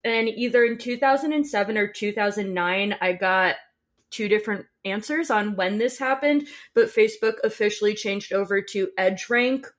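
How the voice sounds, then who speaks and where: A woman's voice: medium pitch, normal speed. Woman co-host explaining her research. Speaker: podcast co-host presenting research. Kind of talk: casual explanatory chat.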